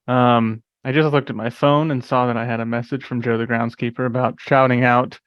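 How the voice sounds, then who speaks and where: A man hosting a casual sports chat, moving the picks along with dry teasing. His voice sits in a middle pitch range. The recording is dry and a little dull, like a lo-fi podcast mic. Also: flat delivery, a little fast, clean tone, no echo. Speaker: podcast host.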